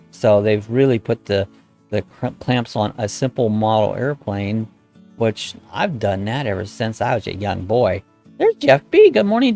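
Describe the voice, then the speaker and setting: A middle-aged man hosts a relaxed live-stream chat, reading out viewer comments and greeting people by name in a rambling, folksy way. His voice has a gravelly, rough edge. Faint music plays quietly behind him. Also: mid-range voice.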